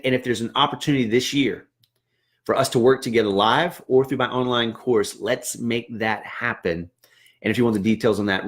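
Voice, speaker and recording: A man who trains band leaders, giving an earnest, encouraging casual livestream talk to band directors. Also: fairly low pitch. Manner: earnest and encouraging, acts out classroom dialogue.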